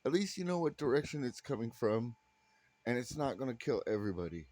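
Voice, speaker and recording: A man's voice: medium pitch, sing-song, fairly quick, a little mellow, no echo. A middle-aged American man doing a stand-up comedy set, ranting profanely and in exasperation, stumbling over restarts and acting out voices he quotes. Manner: acts out quoted voices mid-rant.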